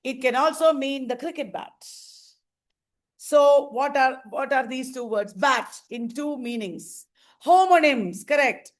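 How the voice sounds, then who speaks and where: A woman teacher giving a slow exam revision lecture, repeating terms and quizzing her class. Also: sits high.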